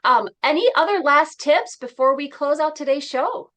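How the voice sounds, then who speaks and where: A woman's voice: high voice, animated, normal speed, a bit bright. A woman hosting a radio talk show, upbeat and affirming, chatting with a guest and reading her sign-off. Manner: upbeat, affirming, acts out quotes playfully. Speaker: host.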